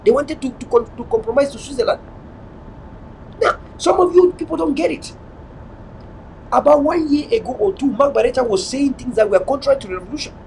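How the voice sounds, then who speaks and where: Preachy man with a high voice. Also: fairly quick, long pauses, a little mellow, slight background noise, poor audio. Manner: preachy, repetitive, mixes in pidgin. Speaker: online show host. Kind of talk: impassioned political commentary.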